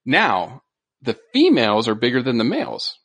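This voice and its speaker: A man hosting a casual animal podcast, jokey and teasing, telling stories with animated voices. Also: medium pitch, moderate pace, breathy edge, no echo. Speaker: podcast host.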